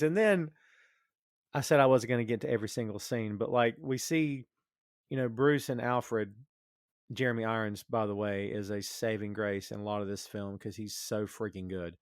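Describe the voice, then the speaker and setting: A man in casual podcast chat about a film, lively and talkative, often jumping into playful quoted reactions. His voice sits in a middle register. The sound is dry and close, with no room around it. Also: medium pitch, normal speed, long pauses, dry recording. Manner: animated, acts out reactions in quoted asides. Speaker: podcast co-host. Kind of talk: casual movie review chat.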